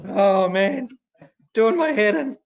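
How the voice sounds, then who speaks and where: Man doing a whiny sulky king, high complaining voice, muffled lo-fi sound. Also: lively intonation, takes it slowly, vocal fry, full character voice. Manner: whining, complaining. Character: whiny sulking male king. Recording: dull lo-fi recording.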